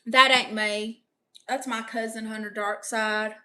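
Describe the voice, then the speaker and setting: A woman's voice: fairly high pitch, fairly even intonation, unhurried, pushed and bright. A young woman live-streaming, reading viewer comments aloud and firing back sassy, brash comebacks.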